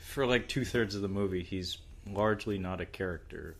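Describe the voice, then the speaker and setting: A young man co-hosting a podcast, talking films with a wry, animated manner and frequent laughter. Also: sits low, moderate pace. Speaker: podcast co-host. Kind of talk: casual film discussion.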